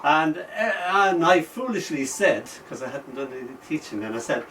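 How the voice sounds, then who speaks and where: A man's voice: on the high side, lively intonation, normal speed, fairly bright tone. An Irish man telling humorous stories and reading his poetry at an open mic night, chuckling between lines. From Ireland. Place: bookshop event, indoors. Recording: distant mic, faint room noise.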